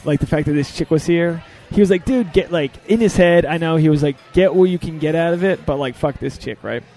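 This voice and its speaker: Brief: young male comic host, slightly high voice, lively profane storyteller. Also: a little fast. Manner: animated, profane, acts out quotes. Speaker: podcast host and stand-up comedian. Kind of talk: casual storytelling chat.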